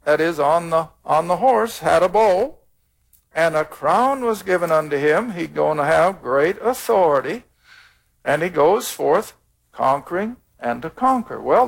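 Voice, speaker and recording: A man's voice: high-pitched, gravelly. A man teaching the Bible on a taped program, reading scripture aloud and explaining it in a plain, earnest way.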